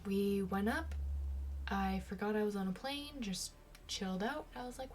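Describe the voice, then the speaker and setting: A woman's voice: medium pitch, normal speed, darkish tone, slight background noise. A woman vlogger telling personal stories in a casual, chatty way, laughing at herself often. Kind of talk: casual storytelling.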